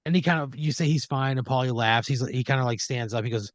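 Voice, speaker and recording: With a mid-range voice, a quick pace, and hardly any pauses, a man hosts a comedy podcast without room sound. He improvises a second-person story, rambling with lots of fillers and occasional quoted voices.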